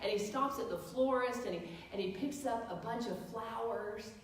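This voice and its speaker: Her fairly high voice moves at a moderate pace as she preaches, weaving in stories and asking the congregation questions. The distant recording in the church hall echoes, with slight background noise.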